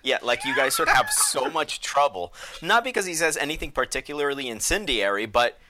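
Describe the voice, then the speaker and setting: A man's voice: mid-range voice, very animated, a little fast, heavy background noise. A man in casual podcast chat, telling stories with animation and acting out the dialogue he quotes.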